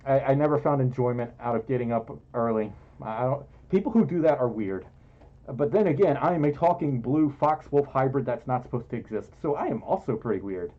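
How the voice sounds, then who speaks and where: A man's voice: medium pitch, animated, fairly quick. A man hosting a casual livestream in a fursuit, reading donations aloud in a playful, giggly, self-deprecating way. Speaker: streamer. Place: indoors, in a fursuit. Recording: muffled audio.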